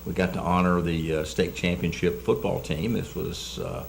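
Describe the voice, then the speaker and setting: A man with a notably deep voice chats over dinner in an easy, meandering way. He repeats words and drops fillers as he goes. A light hiss sits under the recording. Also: steady tone, normal speed, gravelly. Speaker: dinner guest, state delegate. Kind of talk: casual chat over dinner.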